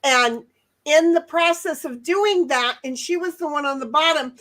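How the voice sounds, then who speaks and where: A woman's voice: sits high, moderate pace, fairly bright tone. A woman co-hosting a casual livestream chat, rambling through stories with lots of restarts and giggles. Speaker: livestream co-host.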